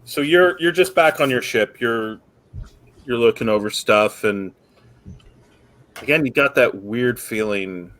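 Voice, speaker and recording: A man running a tabletop role-playing game, explaining rules and narrating events in a relaxed way. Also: medium pitch, a little slow, pauses often. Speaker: game master.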